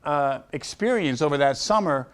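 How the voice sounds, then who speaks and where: A man in his sixties talks to a live audience in a slightly high voice, spinning anecdotes from his life as a chiropractor. He acts out the voices in his stories and keeps quizzing the crowd. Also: lively intonation, normal speed, clean tone. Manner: storytelling, acting out quoted voices, quizzing the crowd.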